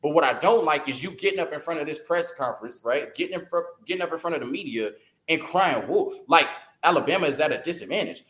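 A man hosting a sports show, ranting fast and excitedly, stumbling over words and firing off rhetorical questions. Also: on the high side, echoey room. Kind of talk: heated sports rant.

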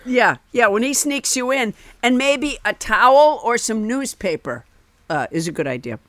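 A woman's voice: a little high, lively intonation, normal speed, fairly bright tone, no room sound. A woman co-hosting a comedy podcast, making wry, jokey remarks in casual chat. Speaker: podcast host.

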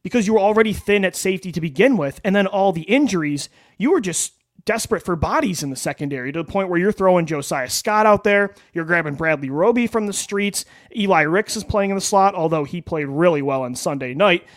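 A man co-hosting a sports podcast, reading an ad and then giving upbeat, quick analysis. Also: sits high, lively intonation, no echo. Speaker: podcast co-host. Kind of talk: sports podcast chat and ad read.

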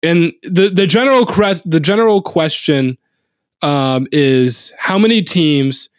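A man co-hosting a casual sports podcast, his voice sitting a little high for a man. He rambles through questions with plenty of "like"s and laughs easily. The sound is dry and close, with no room around it. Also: a little slow, no echo. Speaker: podcast co-host.

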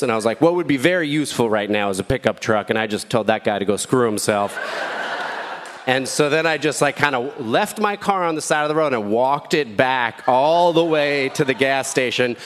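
A man's voice: medium pitch, in a large hall, slight background noise. A man doing stand-up, telling a story in a rambling, self-mocking way. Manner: rambling, self-mocking, with loud shouted voices in the quotes. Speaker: stand-up comedian.

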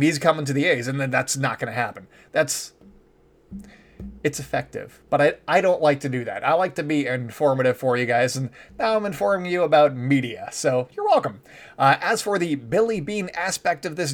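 Chatty, opinionated man with a higher voice. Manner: chatty and opinionated, with sarcastic asides. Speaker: baseball commentator. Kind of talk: solo sports commentary.

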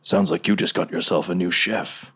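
A man voicing a big, kind stone golem bartender who speaks slowly and simply. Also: sits low, steady tone, fairly bright tone, slightly rough. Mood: earnest.

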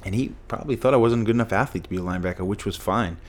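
A man's voice: on the low side, racing. A middle-aged man from Massachusetts, a former football player telling stories as a podcast guest, emphatic and fond of repeating phrases for punch. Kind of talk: storytelling in a podcast conversation.

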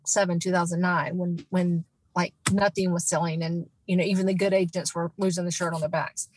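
A woman's voice: on the low side, little pitch movement, fairly quick, slightly rough, no echo, poor audio. A woman in her forties, a guest in an interview, telling an emotional personal story in an earnest way, with many fillers and restarts.

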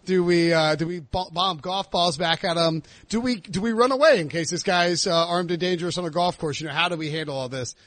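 Man, high voice, lively podcast host, dry close sound, animated storytelling. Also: brisk, hardly any pauses, dry recording. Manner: animated storyteller, acts out shouted quotes. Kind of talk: casual chat.

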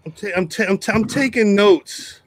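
A man hosting a podcast, talking in a relaxed way with stammering restarts as he reads listener shoutouts. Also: high-pitched, normal speed, music in the background. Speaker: podcast host. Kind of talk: casual chat.

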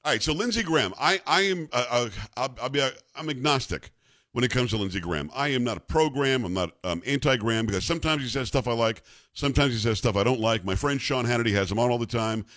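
A man's voice: mid-range voice, animated, quick pace, fairly bright tone, no room sound, studio quality. A man hosting a radio talk show, opinionated and teasing in a sarcastic way.

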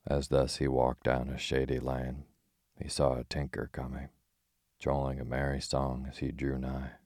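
A man narrating a bedtime story in a calm, even reading of old-fashioned prose. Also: extremely low pitch, normal speed, no echo, studio quality.

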